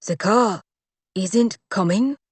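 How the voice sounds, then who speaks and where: A woman's voice: mid-range voice, sing-song, a little fast, a little mellow, husky, no room sound. Woman playing a stiff, proper royal aide. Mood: alarmed. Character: fussy, formal male royal aide.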